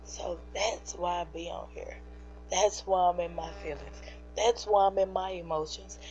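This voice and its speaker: A woman's voice: mid-range voice, mellow. A woman, teary-eyed and earnest, hosting a livestream to encourage her viewers. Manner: earnest, preachy, speaks to chat directly. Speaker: livestream host. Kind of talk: emotional encouraging livestream chat. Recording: dull lo-fi livestream audio with faint hum.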